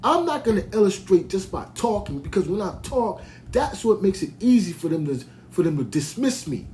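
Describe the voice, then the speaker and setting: A man's voice: sits high, very animated, normal speed, dark tone, a little hiss or hum. Heated, rambling New man. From United States (Brooklyn). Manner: heated, emphatic, rambling with restarts. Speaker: podcast host. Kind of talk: ranting monologue.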